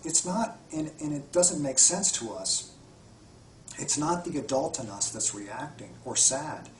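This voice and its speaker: A man's voice: fairly high pitch, animated, unhurried, slight background noise. Earnest man in an echoey room. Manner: earnest, heartfelt storytelling with frequent restarts. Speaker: spiritual healer and retreat guide. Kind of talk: interview conversation. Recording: echoey room, far from mic.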